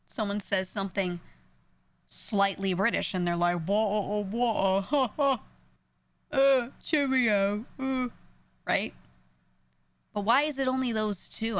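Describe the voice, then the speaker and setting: A woman's voice: medium pitch, creaky, a bit bright. A young woman with a New York accent, a streamer ranting in casual chat, full of "like" and swearing.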